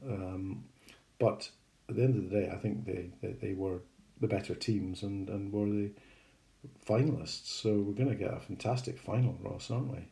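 Gravelly, mellow-voiced man chatting. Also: fairly low pitch, fairly even intonation, moderate pace. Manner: rambling, hesitant with many ums. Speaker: podcast co-host. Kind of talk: casual chat.

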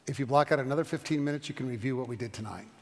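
A pastor teaching a Bible study class, talking fast and animated, with frequent restarts. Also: male voice, mid-range voice, big-room sound. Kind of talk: Bible study lecture with questions.

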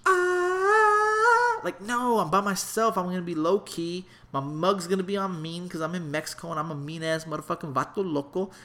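A young adult man telling a comedic travel story in a casual, animated, profane and rambling way. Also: high voice, brisk, hardly any pauses.

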